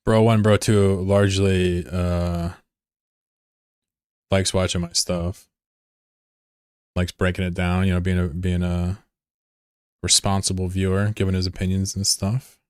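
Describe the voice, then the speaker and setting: A man with a low voice and little pitch movement chats on a live stream while running his game fleet, joking and swearing in a loose, rambling, offhand way. He keeps a measured pace with long pauses. His tone is clean, recorded dry and close on a desk microphone.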